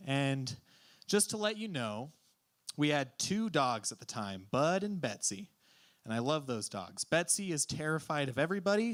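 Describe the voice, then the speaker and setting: A teenage man telling a story at an open mic, lively and acting out the voices in his quotes. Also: on the high side, clear, resonant tone. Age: teens. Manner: animated, acts out voices in quotes. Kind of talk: live storytelling.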